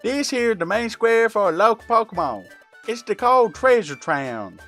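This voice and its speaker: A man puts on a gushing little beaver rookie from a video game, high-pitched and loud, with a thick put-on Southern US drawl. He sounds overjoyed to have juniors and nearly blubbers, all hammy folksy charm. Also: very animated, moderate pace, faint music behind, heavily acted. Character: eager rookie beaver creature, male, sentimental.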